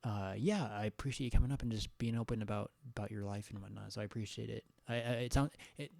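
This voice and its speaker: Gravelly, dark-voiced man chatting. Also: on the low side, fairly quick, no room sound. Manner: relaxed, stammering, laughs often. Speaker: livestream host taking callers. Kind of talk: casual live chat.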